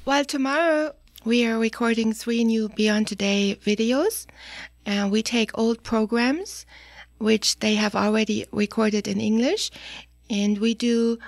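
A woman's voice: fairly high pitch, measured pace, no echo. A woman with a German accent, a guest in an interview, speaking earnestly with frequent hesitations. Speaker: office manager and media assistant, guest.

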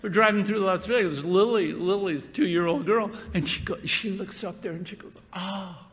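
A man's voice: sits high, moderate pace, a bit bright. A man preaching a sermon, stressing words and repeating phrases. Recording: long reverb of a hall.

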